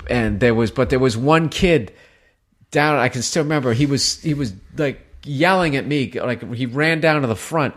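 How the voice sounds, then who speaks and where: This guest comedian, a man with a Boston accent and a mid-range voice, tells a story on stage during a casual interview at a moderate pace. He's animated and profane, swearing often and acting out crowd voices.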